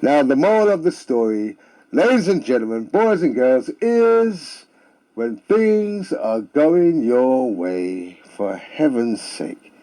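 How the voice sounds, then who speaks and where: A man's voice: medium pitch, sing-song, takes it slowly, mellow. A man telling comic stories and jokes in a theatrical manner with sing-song refrains. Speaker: storyteller. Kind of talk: comic storytelling.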